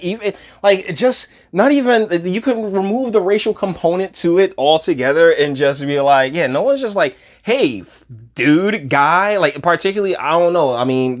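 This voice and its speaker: A man rambles through casual reaction commentary, full of slang and quick asides. His voice sits a little high for a man and breaks into laughs as he riffs. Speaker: video commentator.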